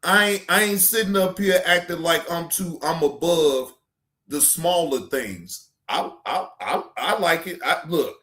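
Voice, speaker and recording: A man's voice: a little high, bright, forceful tone, roomy sound. A man hosting a livestream in casual chat, rambling loosely with slang and swearing as he talks to his chat. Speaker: livestream reaction host.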